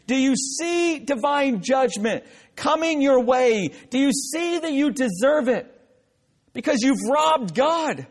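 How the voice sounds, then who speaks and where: A man's voice: very high-pitched, lively intonation, takes it slowly. A male pastor preaching a sermon, emphatic and direct, often breaking in with "listen" and joking asides.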